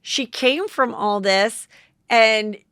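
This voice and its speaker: A woman's voice: on the high side, slow, fairly bright tone, clean tone, no echo. Female podcast host, conversational, dry close mic. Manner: chatty, lots of "like" and "you know". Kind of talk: casual chat.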